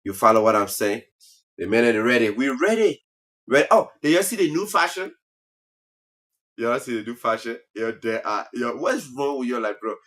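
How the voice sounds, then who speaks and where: A man's voice: mid-range voice, normal speed. A man, hosting a casual comic talk show monologue and teasing as he goes. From Liberia. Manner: animated, teasing, laughs at own jokes. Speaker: comedy talk show host.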